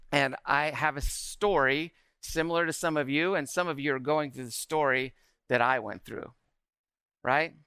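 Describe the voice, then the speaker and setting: A man in his forties giving an energetic talk to a live audience, often asking the room questions. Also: on the high side, clear, resonant tone, no room sound.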